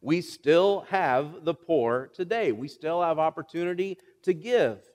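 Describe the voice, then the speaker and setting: A man's voice: on the high side, a little slow. A middle-aged man preaching a sermon to his congregation, asking them questions and reading scripture aloud. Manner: animated, rhetorical questions to the congregation. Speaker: pastor. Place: church sanctuary. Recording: long reverb of a church hall.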